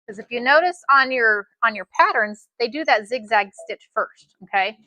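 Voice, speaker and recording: A woman walks viewers through a sewing project in a live tutorial, chatty and folksy. Her voice is bright and slightly high, recorded close and dry. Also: animated, normal speed, no echo. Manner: chatty, says "y'all" a lot. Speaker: sewing instructor.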